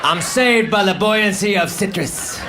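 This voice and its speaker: Man, stand-up comic, deadpan, halting, high-pitched, handheld stage mic, noisy live recording. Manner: deadpan, halting delivery with self-deprecating asides. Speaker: stand-up comedian. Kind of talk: live stand-up one-liners. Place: comedy stage.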